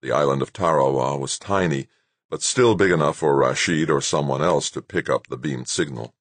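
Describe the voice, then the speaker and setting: A man reading an audiobook as narrator in a steady, even, scripted way. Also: rumbling low, moderate pace, dry recording.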